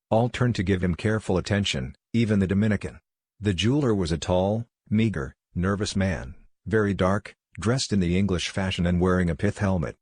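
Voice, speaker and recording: A man narrating an audiobook in a steady, measured reading. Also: low-pitched, breathy edge, no room sound, clean studio sound.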